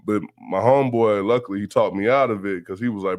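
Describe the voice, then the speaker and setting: A man's voice: on the low side, fast, darkish tone, no echo. A man from Houston with a Southern accent, telling stories in a laid-back, profane interview chat and laughing often. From Houston, Texas. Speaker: guest. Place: radio station studio.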